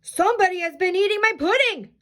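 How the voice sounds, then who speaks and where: Woman reading an indignant papa bear, pretty high voice, storybook. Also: lively intonation, quick pace, a bit bright. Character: big father bear, indignant.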